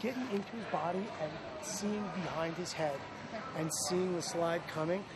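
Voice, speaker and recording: A man's voice: high voice, moderate pace. A man coaching lacrosse players at practice, energetically calling out praise and instructions. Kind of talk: on-field coaching. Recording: noisy field recording.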